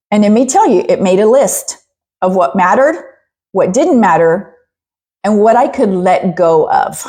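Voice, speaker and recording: A middle-aged woman hosting a podcast in a casual, chatty monologue, animated and laughing often. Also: medium pitch, normal speed. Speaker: podcast host.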